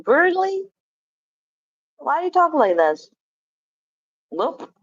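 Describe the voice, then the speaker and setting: A woman hosts a casual livestream, talking to her viewers with a fairly high, very animated voice that moves at a leisurely pace. She laughs often and swears freely. The sound is dry and a bit dull, like lo-fi stream audio. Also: drawn-out words, dry recording. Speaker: livestream host. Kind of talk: casual livestream chat reading viewer comments.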